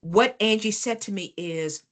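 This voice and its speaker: A woman runs a business workshop in a voice of middling pitch. She tells stories to the class with animated emphasis and turns to the group to check they are following. She repeats key phrases to hammer them home. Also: unhurried. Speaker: workshop trainer. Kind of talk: live business workshop talk.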